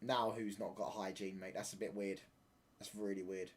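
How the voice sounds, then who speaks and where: A man's voice: low voice, little pitch movement, moderate pace. Bantering man streaming a watchalong. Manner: bantering, reads out and answers viewer chat, mock-indignant. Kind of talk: live football watchalong chat. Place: home room.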